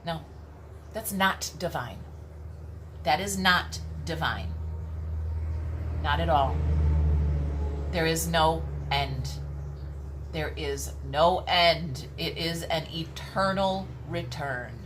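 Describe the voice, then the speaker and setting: Emphatic woman with a lowish voice. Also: slow, pauses often, fairly bright tone, a little hiss or hum. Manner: emphatic, repeats herself, frequent "okay?" check-ins, swears casually. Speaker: tarot reader. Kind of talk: spiritual teaching monologue.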